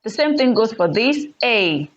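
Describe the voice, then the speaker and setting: Woman teacher, slow and patient, repeats key points, slightly dull lo-fi recording. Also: medium pitch. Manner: slow, repeats key phrases, checks with "okay?". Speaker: English teacher. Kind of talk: classroom lesson.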